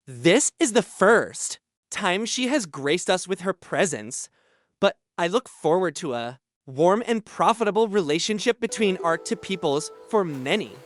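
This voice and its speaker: A man's voice: high-pitched, expressive, unhurried, no room sound. A man voicing a friendly, confident young village lord who gives orders cheerfully in an audiobook. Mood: commanding.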